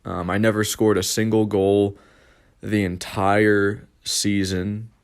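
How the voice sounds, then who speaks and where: A man's voice: lowish voice, little pitch movement, takes it slowly, smooth. A young man casually telling stories from his childhood as a podcast host, rambling and swearing, with many fillers and restarts. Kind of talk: casual storytelling.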